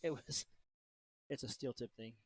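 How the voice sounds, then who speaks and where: A man's voice: medium pitch, normal speed, no room sound. A man doing color commentary on a live darts match, in an easygoing, joking back-and-forth with the main commentator. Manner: easygoing, laughing banter.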